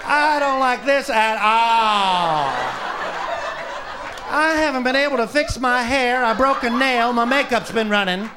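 A woman's voice: on the high side, measured pace, lightly acted. A man voicing a whining, nagging pioneer wife complaining on the wagon trail, in a noisy live club recording. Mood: whiny.

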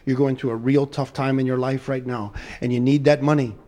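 A man's voice: medium pitch, fairly even intonation, brisk, dark tone, natural voice. A man voicing a tiny, pushy male leprechaun who talks persuasively while telling a joke. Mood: coaxing. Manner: persuasive, wheedling.

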